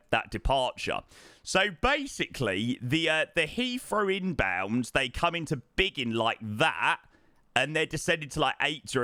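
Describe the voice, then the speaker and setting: A man's voice: fairly high pitch, sharp tone, no echo, clean studio sound. A man, chatting casually to viewers during a flight sim stream, greeting them by name and repeating words. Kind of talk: casual live-stream chat.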